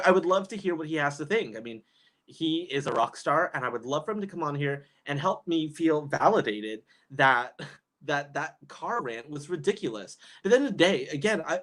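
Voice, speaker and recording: A woman doing casual livestream commentary, reading chat and ranting in an exasperated way with frequent laughs. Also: low-pitched.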